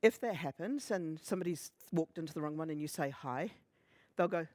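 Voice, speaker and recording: Animated, humorous man giving a conference talk. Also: on the high side, brisk, dry recording. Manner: humorous, animated, acts out quoted remarks. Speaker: conference speaker. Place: conference stage.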